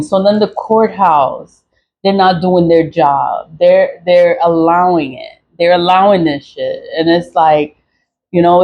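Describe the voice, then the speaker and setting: A woman's voice: on the low side, a little mellow, low-quality recording. A woman venting in a casual, profane monologue, repeating herself and laughing between lines. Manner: angry, profane, repetitive venting. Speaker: vlogger.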